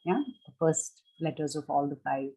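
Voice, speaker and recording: A middle-aged woman therapist giving a reflective talk on grief, explaining in a measured way with frequent fillers and restarts. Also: low-pitched, fairly even intonation, warm tone, poor audio.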